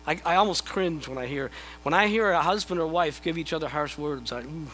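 A man's voice: fairly high pitch, a little fast, a bit bright, slight background noise, poor audio. A middle-aged man preaching a sermon in a conversational, self-deprecating way, often repeating his words as he starts a thought. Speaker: pastor.

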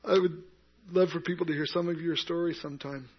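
A man's voice: fairly high pitch, fairly even intonation, fairly quick, breathy edge. A man teaching an interactive Bible class in a conversational way, asking the group questions and answering them himself. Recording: dull lo-fi recording.

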